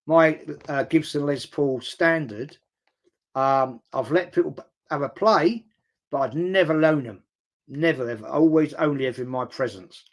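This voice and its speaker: A man's voice: medium pitch, normal speed. An older man hosting a casual live chat, rambling bluntly, swearing casually and repeating words for emphasis. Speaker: host. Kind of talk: casual live-stream chat reading viewer comments.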